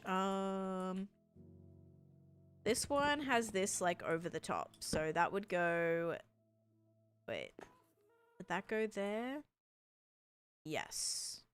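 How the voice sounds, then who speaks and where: A woman's voice: lowish voice, a bit bright. A young woman with an Australian accent chatting casually on a live stream, reading and answering chat while building in a game.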